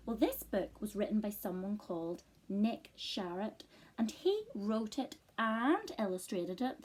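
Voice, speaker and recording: A woman teacher reading a picture book aloud to children, expressive and encouraging, asking them to read along and spot rhymes. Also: medium pitch, breathy edge. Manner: expressive, encouraging, asks the listener to join in. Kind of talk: read-aloud storytime lesson.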